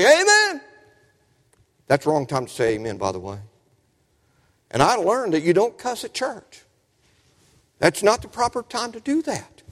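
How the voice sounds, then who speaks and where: Folksy preacher, lively voice. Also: male voice, on the high side. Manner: folksy storytelling preaching, asks the congregation questions. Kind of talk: sermon. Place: church sanctuary. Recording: reverberant church hall.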